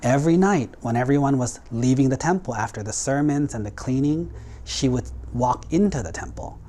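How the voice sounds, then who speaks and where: A man's voice: medium pitch, expressive, moderate pace, warm tone, slight background noise. Casual storytelling monk, man. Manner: casual, conversational storytelling with acted quotes. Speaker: Buddhist monk. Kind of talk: storytelling sermon.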